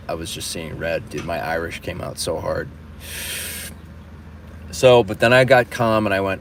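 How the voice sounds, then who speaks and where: Low-voiced man telling a story. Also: a little fast, a little hiss or hum. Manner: animated, restless retelling with many restarts and swearing. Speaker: livestream host. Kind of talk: casual storytelling.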